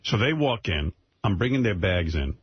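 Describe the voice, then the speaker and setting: A man's voice: on the low side, sing-song, normal speed, slightly rough, dull audio. A man hosting a radio show, telling a rambling, emotional story in casual talk, repeating himself. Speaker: radio host. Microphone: studio microphone, dry.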